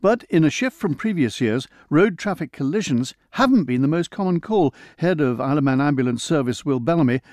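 A man's voice: a little high, lively intonation, a little fast, hardly any pauses, a little mellow, dry recording. A man reading radio news in a close studio mic, adding chatty asides between items. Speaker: newsreader.

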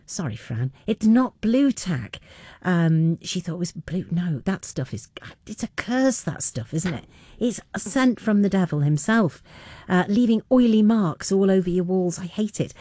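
A middle-aged woman presenting a radio quiz, chatting warmly with listeners and laughing often as she reads their messages in the studio. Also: fairly low pitch, animated, measured pace, dry recording. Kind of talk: radio phone-in quiz chat. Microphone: studio microphone.

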